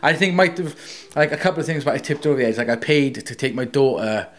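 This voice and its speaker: A man talking in a loose, sweary way, full of restarts and "like". His voice sits at an everyday middle pitch, and he jumps excitedly into stories. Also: fast. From Wales. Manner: sweary, rambling, animated storytelling. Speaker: co-host, tattoo artist. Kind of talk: casual chat.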